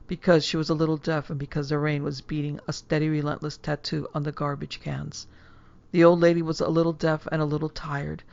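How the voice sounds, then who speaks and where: A woman narrating a horror story in a hushed, measured way. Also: sits low, gravelly, lo-fi sound. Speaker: narrator and producer.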